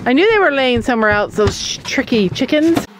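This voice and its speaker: An older woman, a grandmother hosting a casual family vlog on a farm, chatting and laughing often as she gently coaxes her grandkids. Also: high voice, lively intonation, fairly quick, loud music behind the voice. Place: family farm, indoors and by the chicken coop.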